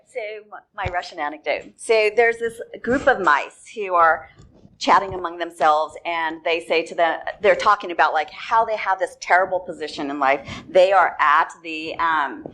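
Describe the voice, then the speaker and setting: A woman giving a talk at a security conference. She tells the story in a relaxed way and laughs easily. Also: lowish voice, slight background noise. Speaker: conference speaker.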